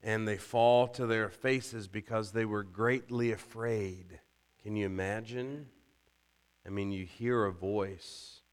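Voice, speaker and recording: Male preacher, sermon delivery, slow and deliberate, crisp resonant tone, conversational and animated. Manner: animated, rising loud and high when quoting scripture; conversational asides, rhetorical questions.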